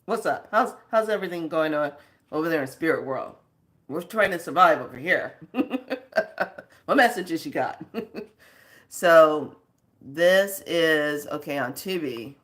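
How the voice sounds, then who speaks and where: A woman with a low voice talks slowly and casually on her spiritual channel. She scolds and rambles, wandering off on tangents. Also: expressive, a bit bright. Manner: scolding, rambling, laughs between stories. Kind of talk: casual spiritual vlog talk.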